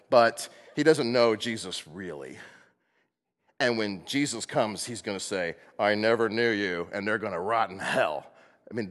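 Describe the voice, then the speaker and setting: A man preaching a sermon as pastor, playful and animated, acting out little voices as he goes. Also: medium pitch. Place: church sanctuary. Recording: long hall reverb.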